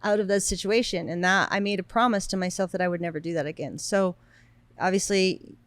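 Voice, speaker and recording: A woman's voice: mid-range voice, steady tone, fairly quick, dry recording. Blunt, emphatic woman podcast co-host. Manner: emphatic, blunt, swears casually. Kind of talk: casual chat.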